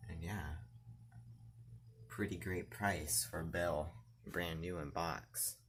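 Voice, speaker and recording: A man with a very low voice casually explains his fire alarm collection, plain and unhurried, now and then restarting a sentence. He records on a camera mic in his bedroom, with a faint hiss under the voice. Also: steady tone, fairly bright tone. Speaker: fire alarm hobbyist vlogger. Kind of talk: casual show-and-tell narration. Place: bedroom in an apartment.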